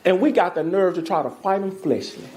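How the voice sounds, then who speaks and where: A woman pastor with a Southern US accent, preaching a sermon in an animated, conversational way that calls out to the congregation. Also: fairly low pitch, fairly quick, crowd noise.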